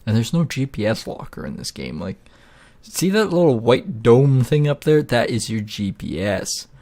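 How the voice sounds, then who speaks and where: A man talks over his gameplay in a loose, rambling way. His voice sits at an ordinary middle pitch. He swears freely and drifts into rants as he plays. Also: very animated, normal speed, dark tone. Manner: rambling, profane and ranting. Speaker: gaming video host. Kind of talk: casual gameplay commentary.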